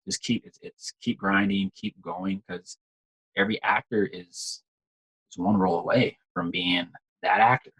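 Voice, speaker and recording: A man's voice: deep voice, measured pace, fairly bright tone, husky, poor audio. A man chatting casually as an interview guest, laid-back and slangy, repeating words as he talks. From United States. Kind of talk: casual conversation.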